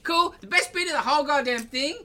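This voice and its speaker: A woman's voice: high-pitched, brisk, bright, forceful tone. A woman co-hosting a podcast in casual chat, ranting animatedly and swearing freely. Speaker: podcast co-host.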